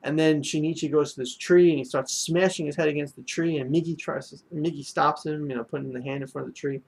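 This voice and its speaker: A man's voice: a little high, steady tone, fast talker, creaky, a little mellow, breathy edge. A man casually reviewing an anime episode, rambling with many fillers and restarts.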